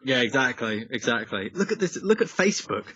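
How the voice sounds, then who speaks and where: A man's voice: medium pitch, very animated, a little fast, fairly bright tone, breathy edge, no echo. A young man, a musician, chatting over a video call, rambling with lots of fillers and tangents. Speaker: musician guest. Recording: slightly dull, dry call audio.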